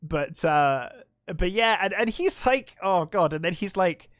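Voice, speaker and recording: A man's voice: high voice, lively intonation, measured pace, a bit bright, no echo, clean studio sound. A man co-hosting a film podcast, casually retelling scenes and acting out the characters' lines. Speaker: podcast co-host.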